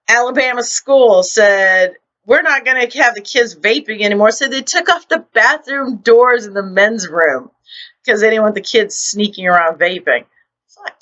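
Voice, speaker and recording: A woman's voice: a little high, bright, forceful tone, lo-fi sound. A woman writer hosting her own vlog, ranting in a blunt, profane and indignant way into her computer microphone.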